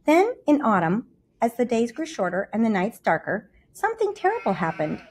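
A woman reading a children's storybook aloud in an expressive, lively way. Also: medium pitch, a little hiss or hum.

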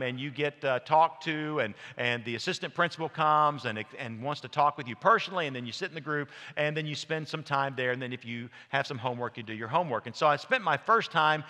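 A man's voice: on the high side, bright, forceful tone, long reverb tail. A man preaching a sermon in a church, folksy and anecdotal, with frequent fillers and restarts. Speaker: pastor. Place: church sanctuary.

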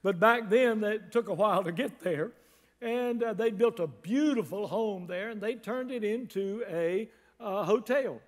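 Older preacher, high voice, fiery and playful; echoing sanctuary. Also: male voice, unhurried. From North Carolina. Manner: fiery, joking, shouts to the congregation. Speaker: guest pastor. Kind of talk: exuberant sermon. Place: church sanctuary. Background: congregation responding.

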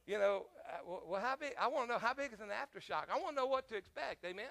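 A man's voice: high-pitched, expressive, fairly quick, vocal fry, pauses often, fairly bright tone. A man preaching a sermon as pastor, telling a personal story in a conversational way, with frequent fillers and questions to the congregation.

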